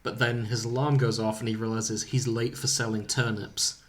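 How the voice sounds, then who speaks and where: A man hosts a casual comedic podcast and retells a silly story in a playful, deadpan way. His pitch sits in the ordinary middle range. He chats easily with friends. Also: moderate pace. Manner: playful storytelling, dry jokes. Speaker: podcast co-host reading a fan story.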